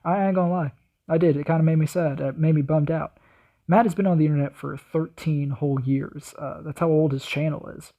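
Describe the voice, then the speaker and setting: A man's voice: on the high side, steady tone, fairly quick, mellow, muffled recording. A young man hosting a reaction video, talking in a casual, slangy and rambling way.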